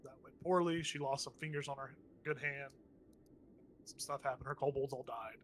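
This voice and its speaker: A man's voice: mid-range voice, moderate pace, a bit bright, a little hiss or hum. A man running a tabletop game as game master, talking in a loose, teasing way with lots of fillers.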